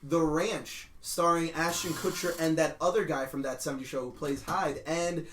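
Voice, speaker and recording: A man's voice: fairly high pitch, normal speed, echoey room, slight background noise. A man hosting a podcast, chatting casually and telling stories with frequent laughs. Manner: laughs often, animated storytelling. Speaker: podcast host. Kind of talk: casual chat.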